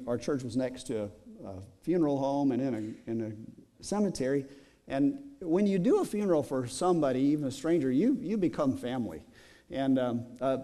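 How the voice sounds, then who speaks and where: A man's voice: fairly high pitch, mellow. A middle-aged man preaching as a pastor in a church, telling a story in a chatty way with many fillers. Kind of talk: sermon.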